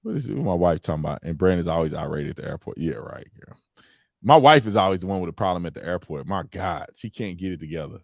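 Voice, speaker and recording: A man hosting a casual podcast chat, telling animated stories and acting out quotes loudly. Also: low voice, quick pace, dry recording, studio quality. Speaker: podcast host.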